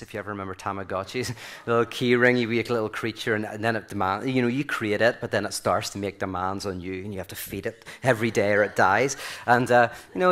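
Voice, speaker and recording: A man's voice: fairly low pitch, fairly bright tone. A man giving a loose, conversational talk at a weekend event, full of fillers, acting out quoted voices as he goes. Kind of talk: casual conference talk.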